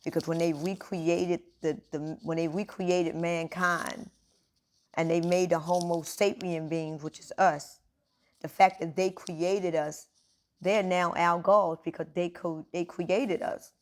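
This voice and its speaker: A woman's voice: on the low side, fairly even intonation, slow pace. A woman giving a casual spiritual talk, informal and emphatic, speaking straight to her listeners.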